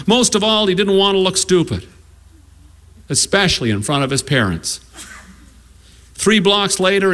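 High-voiced man reading a story. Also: fairly bright tone.

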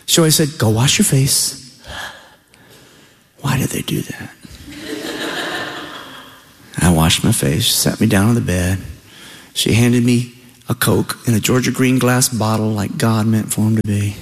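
Folksy Southern storyteller, ringing hall. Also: male voice, lowish voice, moderate pace. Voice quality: folksy, animated, comic. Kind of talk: live stage storytelling. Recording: long hall reverb.

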